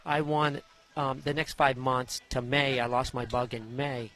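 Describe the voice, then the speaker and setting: A man, a former jockey, telling stories from his riding career in a folksy, animated way in an interview, acting out the voices of the people in them. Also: medium pitch, a little slow. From Idaho. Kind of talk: interview storytelling.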